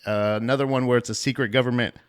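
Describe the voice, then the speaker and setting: A man's voice: medium pitch, fairly even intonation, fast, clean tone. A man co-hosting a movie podcast, chatting casually, rambling and restarting his sentences. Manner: rambling, restarts often, profane. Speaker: podcast co-host.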